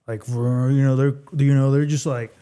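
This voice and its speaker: A man teaching English phrasal verbs in a casual video lesson, chatty and repeating phrases slowly for learners. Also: mid-range voice, fairly even intonation, mellow, smooth.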